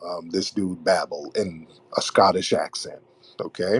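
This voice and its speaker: A man's voice: low voice, moderate pace, breathy edge, dry recording. Guy hosting a call-in show, pushy, keeps repeating himself, super dry mic. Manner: forceful, repeats his points, cuts callers off. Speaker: host of a live call-in audio show. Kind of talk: combative call-in debate.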